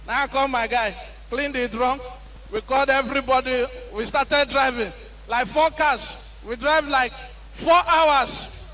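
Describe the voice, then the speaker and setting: A young man with a Nigerian accent doing animated stand-up comedy on a live stage, acting out the people in his stories. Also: very high-pitched, measured pace, poor audio. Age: young adult. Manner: animated storytelling, acts out quoted characters with shouts.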